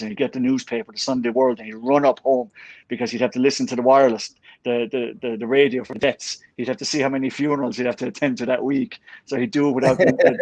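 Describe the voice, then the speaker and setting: A man's voice: medium pitch, no echo, rough recording. Irish guy telling a funny story, dry mic, laughs through it. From Ireland. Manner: animated anecdote-telling with laughs. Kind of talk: casual storytelling.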